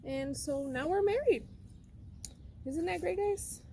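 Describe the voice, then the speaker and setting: A woman's voice: very high-pitched, slow, dark tone, slight background noise. A young woman vlogger telling a personal story in a casual, rambling way with many fillers and restarts.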